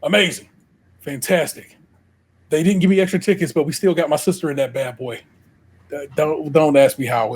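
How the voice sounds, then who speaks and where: This is a middle-aged man with an Ohio accent, talking casually on a podcast. His voice sits a little high and has a husky edge. He tells stories in an animated way, laughs often, and acts out the people he quotes. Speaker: podcast co-host. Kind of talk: casual chat.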